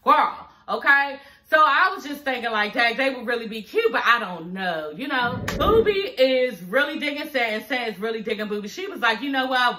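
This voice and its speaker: A woman casually recapping a reality show in a profane, animated way, often saying "you know what I'm saying". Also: a little high, normal speed, hardly any pauses. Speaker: TV recap vlogger.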